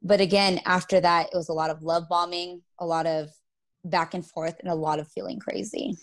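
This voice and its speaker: A woman giving an emotional, halting account of her own experience as an interview guest. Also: on the low side, little pitch movement. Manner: emotional, halting storytelling with many fillers. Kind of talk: personal testimony interview.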